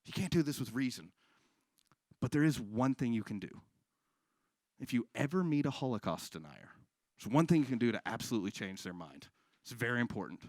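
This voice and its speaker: Lively, deadpan stand-up comedian man. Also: medium pitch, a little fast, long pauses, dry recording, clean studio sound. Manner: deadpan delivery with crowd work and acted-out dialogue. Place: live comedy stage.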